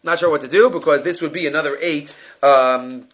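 A man with a high, bright voice teaches a Talmud lesson, reading the text and explaining it line by line. He works through each step aloud. The recording sounds dull and lo-fi. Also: a little fast. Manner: explains text line by line, thinking aloud, uses Hebrew and Aramaic terms. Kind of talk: daily Talmud class lecture.

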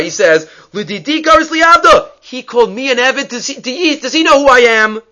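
A man teaching a Talmud lesson, telling the story in an animated way and acting out what the rabbis say to each other. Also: high-pitched, highs cut off.

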